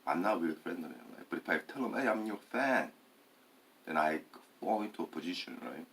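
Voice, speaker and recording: A man's voice: a bass voice, lively intonation, fast, a bit bright, a little hiss or hum. A man talking in a rambling, hesitant monologue, full of fillers and tag questions.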